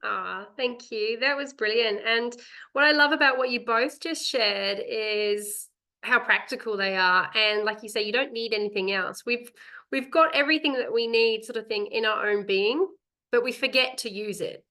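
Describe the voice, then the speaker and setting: Bright, high-voiced woman event host. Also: moderate pace. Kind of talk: event hosting.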